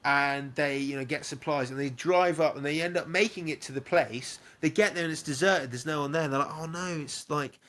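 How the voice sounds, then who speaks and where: Sweary, animated man. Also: fairly high pitch, a little fast, hardly any pauses. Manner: sweary, animated retelling with little sound effects. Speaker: podcast co-host. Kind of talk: casual pub chat, film recap.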